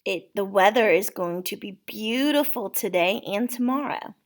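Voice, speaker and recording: A woman's voice: mid-range voice, animated, normal speed. A woman teaching a spelling lesson, patiently sounding out words letter by letter for a child.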